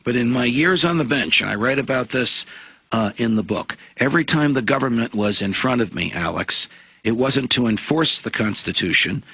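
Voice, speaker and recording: A man's voice: medium pitch, animated, moderate pace, sharp tone, slightly rough, dry recording, rough recording. A man, a former judge, speaking as a guest on a radio interview in an oratorical, emphatic way that builds points into long lists. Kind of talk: impassioned radio interview monologue.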